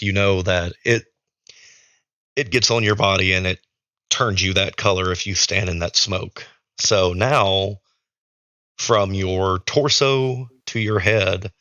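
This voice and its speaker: A man's voice: fairly low pitch, bright, forceful tone, dry recording, lo-fi sound. A man running a tabletop game as storyteller, ruling on rolls and narrating in a hesitant, thinking-aloud manner.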